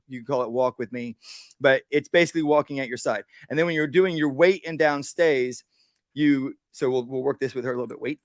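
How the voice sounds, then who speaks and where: A man, a dog trainer, giving a live workshop demonstration. He explains each step plainly, often checks in with "right?", and breaks off to give short, calm commands to a dog. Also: mid-range voice, no room sound, clean studio sound.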